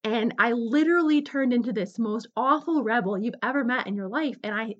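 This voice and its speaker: A woman's voice: on the high side, a little fast, few pauses. Candid woman telling her story, lo-fi. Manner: animated, candid, slips into quoted voices. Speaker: podcast host. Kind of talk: personal storytelling. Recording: slightly dull lo-fi recording.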